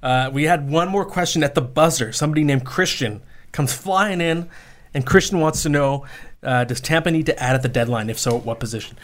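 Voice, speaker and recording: Opinionated man in his thirties talking hockey. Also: a little high. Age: 30s. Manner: opinionated, quick self-corrections. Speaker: podcast co-host. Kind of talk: casual sports talk.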